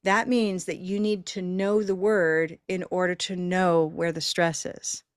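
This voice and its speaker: A woman's voice: fairly low pitch, little pitch movement, measured pace, clear, resonant tone, dry recording, studio quality. A woman hosting a live online pronunciation class, talking in an upbeat, encouraging and chatty way through a computer microphone.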